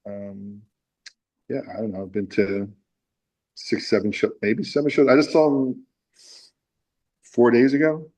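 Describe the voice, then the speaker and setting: Male musician guest, lowish voice, rambling animated storyteller with many fillers. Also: measured pace, pauses often, low-quality recording. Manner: animated storyteller, acts out quotes with lots of fillers. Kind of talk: casual storytelling interview.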